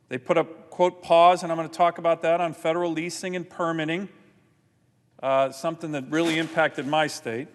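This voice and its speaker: A man giving an indignant, forceful floor speech as a senator, often repeating his points. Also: a little high, long reverb tail. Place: large legislative chamber.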